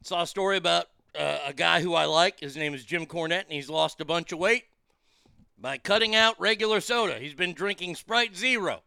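A man's voice: on the high side, moderate pace, creaky, sharp tone, smooth, no room sound. A man hosting his own show, talking in a rambling, irreverent and profane way into a studio mic. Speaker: show host. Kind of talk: casual solo show monologue. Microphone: studio mic through a mixing board.

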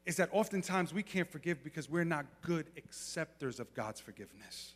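A male pastor preaching a sermon, moving from quiet talk to fervent shouting. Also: on the high side, expressive, moderate pace, long reverb tail. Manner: builds from quiet to shouting fervor.

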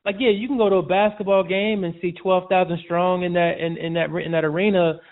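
A podcast guest with a high-pitched, steady voice speaks briskly through a tinny, phone-quality connection. His casual chat with the host is marked by frequent restarts and repeats, and "man" comes up constantly.

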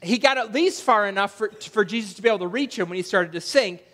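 High-voiced man preaching a sermon. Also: quick pace. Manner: conversational preaching, acts out quoted voices with rising pitch and loudness. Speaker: pastor. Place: church.

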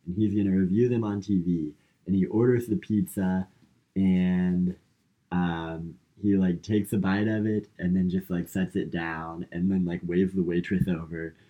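A man's voice: sits low, fairly even intonation, unhurried, narrow, tinny audio. A man co-hosting a podcast, casually retelling a movie plot with lots of fillers. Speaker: podcast co-host. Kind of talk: casual movie recap chat.

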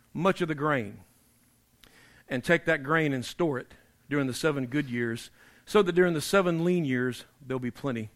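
A male pastor in full sermon mode, his voice sitting a little high for a man. He leans hard on repeated phrases, then sinks to a low, hushed delivery to press a point home. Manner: emphatic preaching, repeats key phrases, drops to quiet for emphasis.

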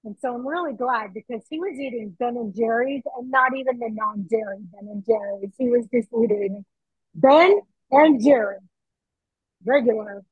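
A middle-aged woman chatting excitedly from her home kitchen over a video call, through earbuds. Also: a little high, brisk, few pauses, breathy edge, dry recording, phone-quality sound. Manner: chatty, excitable, laughs easily. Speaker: guest.

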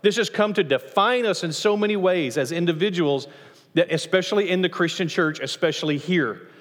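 A man preaching a sermon as pastor of a church, lively, acting out voices from the passage as he teaches. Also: fairly quick. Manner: animated, acts out quoted voices with rising pitch. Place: church sanctuary. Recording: long church reverb.

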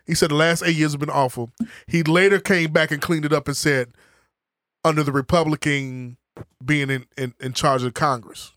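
A man in a casual political chat, quizzing and teasing the others, his voice rising when he gets excited. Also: a little high, moderate pace, no echo, studio quality.

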